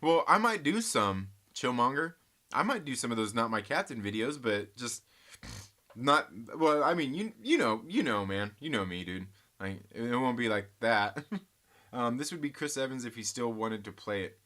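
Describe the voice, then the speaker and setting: A man with a bright, forceful voice at a middle pitch hosts a casual live stream. He reads viewer comments aloud and rambles through his thoughts, often restarting his sentences. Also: expressive, moderate pace. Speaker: host of a live movie chat stream.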